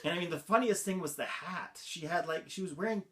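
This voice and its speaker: A man's voice: high-pitched, a little fast, a bit bright. A man hosting a vlog, giving a casual movie review in an amused, incredulous manner and laughing often. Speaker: vlog host.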